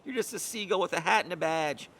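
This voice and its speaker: A man's voice: high voice, quick pace, fairly bright tone, slight background noise, voice pushed up. A man doing a blunt, scolding little boy. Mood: unimpressed. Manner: scolding, exasperated. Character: young boy, blunt and unimpressed.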